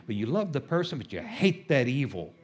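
A man's voice: medium pitch, big pitch swings, brisk. A middle-aged man preaching a sermon as a healing minister, emphatic and repetitive, with sudden rises on key phrases.

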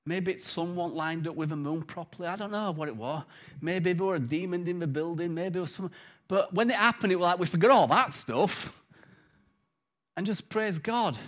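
A man preaching a sermon, telling the story with lively acted-out voices. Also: high-pitched, normal speed.

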